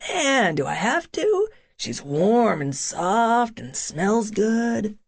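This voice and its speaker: A woman doing a loud, playful giant football jock. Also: medium pitch, big pitch swings, very slow, creaky, full character voice.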